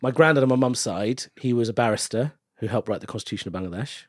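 A man, a stand-up comedian, chatting casually as a podcast guest and telling stories in a lively way. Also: mid-range voice, fast, a little hiss or hum. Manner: animated storytelling with frequent laughs.

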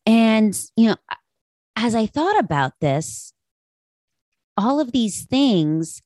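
A woman's voice: a little high, very animated, slow pace, warm tone, no room sound, clean studio sound. A woman in her late thirties hosting a talk show, speaking candidly and confessionally to her listeners about her own life. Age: 30s. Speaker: podcast host. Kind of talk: personal reflective monologue.

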